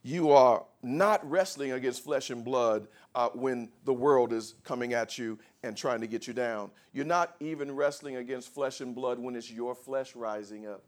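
A man preaching a sermon to a congregation, leading call and response and building from quiet talk to shouted scripture. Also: mid-range voice, normal speed, few pauses. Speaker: pastor. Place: church before a congregation.

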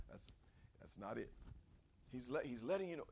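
A man preaching a sermon in a church, acting out angry quotes and shouting at the peaks. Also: mid-range voice, a little fast, gravelly.

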